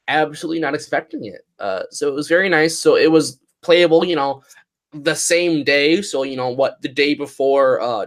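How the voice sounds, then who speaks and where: A man's voice: a little high, fairly bright tone. A man co-hosting a casual gaming podcast, chatty, hedging his claims and checking facts. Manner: conversational, hedging, corrects facts. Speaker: podcast co-host. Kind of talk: casual chat.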